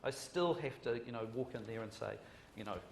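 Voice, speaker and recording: A gravelly, medium-pitched voice belongs to a New Zealand screenwriter talking fairly quickly during a panel discussion in a conference hall. He rambles, jokes at his own expense and frequently starts his sentences over, in an echoey space with faint noise.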